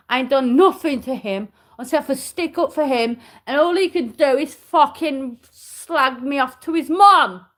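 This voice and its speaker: A woman's voice: high-pitched, fairly bright tone. A woman in an angry, swearing live-stream rant, repeating herself and making threats.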